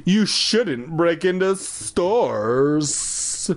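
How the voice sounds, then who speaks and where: A man voicing a stern, caped, vampire-like shopkeeper, speaking slowly and menacingly in a comedic read-aloud. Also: a little high, expressive, voice pushed up, exaggerated voice. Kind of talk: comedic read-aloud of a kids' horror book.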